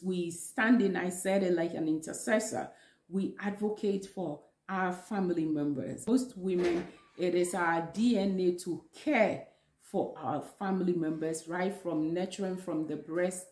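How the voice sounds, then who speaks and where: A woman's voice: lowish voice, darkish tone, roomy sound. A woman with a Ghanaian accent gives earnest, preachy relationship advice to camera from her home kitchen, repeating phrases for emphasis. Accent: Ghanaian English. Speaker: vlogger giving relationship advice. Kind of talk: home video talk to camera.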